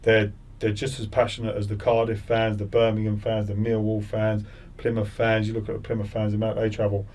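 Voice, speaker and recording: Low-voiced man rambling on a podcast. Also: monotone, a little fast, hardly any pauses, darkish tone, distant mic. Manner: rambling, many restarts and repeated words. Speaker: podcast guest, former footballer. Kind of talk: casual interview chat.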